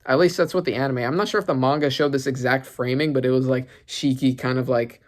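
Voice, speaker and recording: Guy doing a chill reaction vid, mid-pitched, rambles and gets hyped, thinks out loud. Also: fast. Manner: excitable, thinking aloud, rambling. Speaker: manga reaction channel host. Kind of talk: casual reaction commentary.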